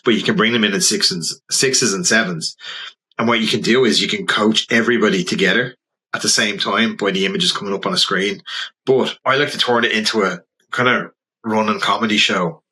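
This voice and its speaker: A man with a Dublin accent, a portrait photographer and podcast guest, telling animated stories in casual conversation. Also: on the low side, a little fast, rough recording. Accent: Dublin Irish. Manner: animated, anecdotal, slips into quoted voices.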